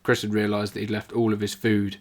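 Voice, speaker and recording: A man's voice: fairly low pitch, completely flat delivery, brisk. A young man casually telling a rambling, sweary story, full of "like" fillers. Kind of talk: casual anecdote.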